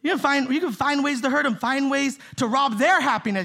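Gravelly, bright-voiced male pastor preaching. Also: extremely high pitch, brisk, hardly any pauses. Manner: emphatic, repeats key phrases for stress; conversational, often asks "right?" and "see?". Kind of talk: sermon. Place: church in the Bay Area.

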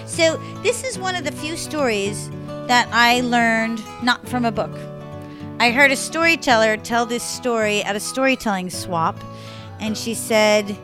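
A woman telling a funny traditional story with expressive delivery and dramatic pauses. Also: on the high side, over music. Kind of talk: animated storytelling.

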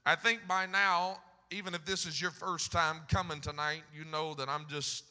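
A Southern-accented male preacher with a bright, slightly high voice, caught in a long, echoing church hall. He swings between booming scripture and soft, homespun storytelling. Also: fairly even intonation, normal speed, hardly any pauses. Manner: fervent, swells loud on scripture then drops to folksy storytelling. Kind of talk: sermon. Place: church sanctuary.

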